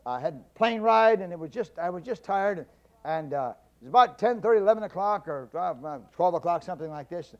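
A middle-aged man giving a humorous storytelling speech, folksy and animated, stammering and repeating himself for effect. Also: sits high, a little fast, dull audio. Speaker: public speaker.

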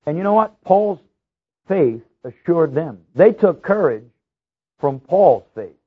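A man's voice: takes it slowly, husky. Earnest male preacher on a tinny recording. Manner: earnest, repeats key phrases for emphasis; storytelling with lively rises in pitch. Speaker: pastor. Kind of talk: sermon. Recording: tinny, phone-like sound.

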